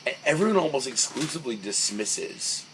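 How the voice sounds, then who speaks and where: On a podcast, a young man co-hosting casually rambles through stories, full of fillers and restarts. His medium-pitched voice swings widely in pitch, moves briskly, and sounds a little bright. The recording is rough, with faint noise in the background.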